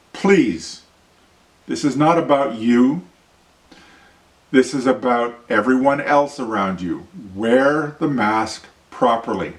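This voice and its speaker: A man hosting an opinion vlog, talking bluntly with a ranting, profane manner. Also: medium pitch. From Canada. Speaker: show host. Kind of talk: opinion vlog monologue and demonstration. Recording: roomy sound, mic at a distance.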